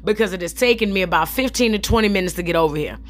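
A young adult woman telling a story in a vlog, in an animated, profane and sassy way, talking straight to her viewers. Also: medium pitch, rapid-fire. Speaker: comedian telling a story while styling her hair.

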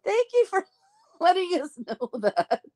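A woman's voice: very high-pitched, big pitch swings, slow pace, a little mellow. A woman hosting a casual live stream, chatting affectionately with friends and laughing often.

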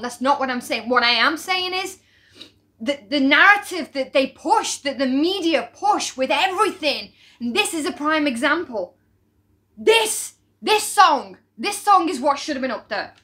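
A woman with a high voice gives casual, heartfelt commentary as she reacts to a song. She speaks openly and with feeling, dropping curses as she makes her points. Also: bright, forceful tone. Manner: emotional, outspoken, swears freely. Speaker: music reaction video host.

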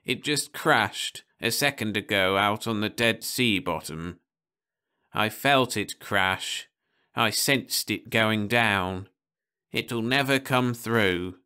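A man voicing a very old, sad, drink-worn man who speaks slowly and sorrowfully. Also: on the low side, sharp tone, clear, resonant tone.

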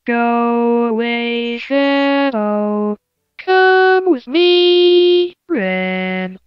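A man voicing a gentle heavenly woman who speaks very slowly and soothingly. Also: very high-pitched, lively intonation, clear, resonant tone, highs cut off, soft background music, voice pushed up, full character voice. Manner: very slow, soothing. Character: gentle, high, slow-speaking heavenly female helper.

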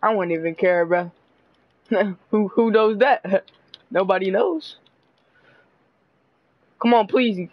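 A young man giving excitable, laughing, profane commentary while playing a basketball video game, on a dull lo-fi mic. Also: high voice, slow pace, pauses often, no room sound. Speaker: gamer. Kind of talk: live gameplay commentary. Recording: dull lo-fi dry mic audio.

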